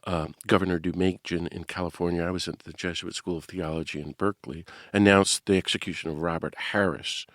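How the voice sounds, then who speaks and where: Older man, low voice, dry sound, animated storyteller, interview host. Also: fairly quick, hardly any pauses, dry recording. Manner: animated storyteller, acts out quoted voices, laughs at himself. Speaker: podcast host.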